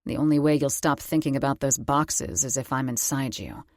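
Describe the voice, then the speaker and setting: A man's voice: medium pitch, moderate pace, no echo, voice pushed down, close to an everyday voice. A woman voicing a commanding, protective middle-aged husband who speaks firmly with dry humor. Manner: firm, steady, dry humor.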